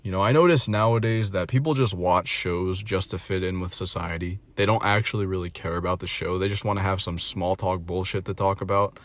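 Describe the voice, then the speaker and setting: A man's voice: deep voice, fairly even intonation, brisk, few pauses. A man in his twenties ventingely rambling in a casual monologue, swearing often and filling his talk with "like" and "you know", recorded on a phone. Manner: rambling, profane, deflated, full of "like" and "you know". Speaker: vlogger.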